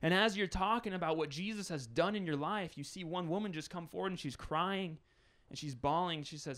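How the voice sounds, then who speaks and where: A man's voice: fairly high pitch, a little fast, few pauses, a bit bright. A man preaching a conversational sermon as pastor, building scenarios with rising intensity.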